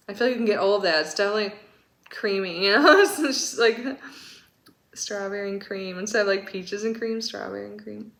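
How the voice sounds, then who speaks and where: A woman in her thirties chatting through a casual unboxing, gushing and excitable with lots of fillers. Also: medium pitch. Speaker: subscription box reviewer.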